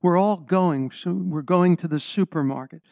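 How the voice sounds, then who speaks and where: A man's voice: high-pitched, moderate pace, creaky, darkish tone, no echo. A middle-aged man delivers a sermon in a somewhat raised voice, hitting key words hard and turning often to the congregation with questions. The recording is close and dry, with no room around it, and its sound is a little dull and muffled. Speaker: preacher.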